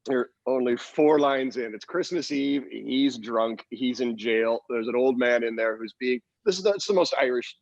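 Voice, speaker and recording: A man's voice: mid-range voice, moderate pace, gravelly, few pauses, no echo. A man co-hosting a podcast, chatting wryly and casually with hesitant restarts. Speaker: podcast co-host. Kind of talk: casual chat. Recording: dull, lo-fi dry mic.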